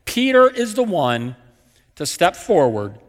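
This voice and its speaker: A male pastor delivers a sermon with a slightly high, very lively voice that swoops up for emphasis and circles back on his phrases. His words ring out with a long reverb from a large worship hall. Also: slow pace. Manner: animated, emphatic storytelling with repeated phrases.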